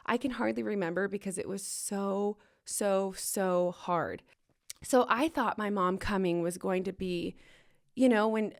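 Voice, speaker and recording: A young woman speaks straight to her listeners in a mid-pitched voice, open and heartfelt. She recounts hard times with real feeling, rising with emotion and letting rueful laughs slip in. Her tone is warm and confessional, like a podcast host talking to people she knows. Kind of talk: personal storytelling to listeners.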